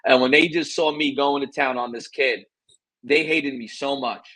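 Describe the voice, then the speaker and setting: A former pro wrestler telling stories in a relaxed interview, animated and boastful. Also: male voice, mid-range voice, normal speed, dry recording, low-quality recording. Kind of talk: casual interview storytelling.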